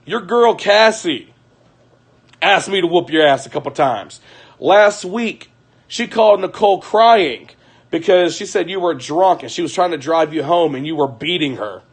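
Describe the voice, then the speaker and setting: A man's voice: on the high side, animated, moderate pace, breathy edge. A man ranting casually on a livestream at home at night, profane and heated, repeating himself and breaking into laughter.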